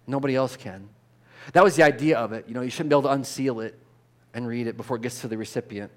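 A pastor giving a conversational sermon, informal, with restarts and repeated words, growing loud and animated when he stresses a point. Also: medium pitch, fast.

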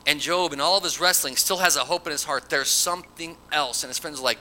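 A man's voice: a little high, fairly quick, pushed and bright, slight background noise, poor audio. A man preaching a conversational sermon, reading scripture verses aloud with emphasis.

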